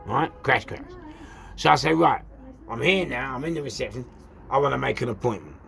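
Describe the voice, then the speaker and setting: A man's voice: mid-range voice, fairly quick, creaky. A man with a London accent, hosting his own show and telling a story in a ranting, repetitive way full of rhetorical questions. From England. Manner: animated and repetitive, with rhetorical questions and shouted outbursts. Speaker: host. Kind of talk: casual storytelling monologue.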